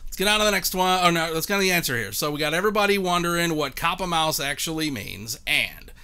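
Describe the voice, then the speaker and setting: A man's voice: on the high side, lively intonation, fast, pushed and bright, smooth. A man in his thirties hosting a live-streamed game show, joking and chatting with viewers by name.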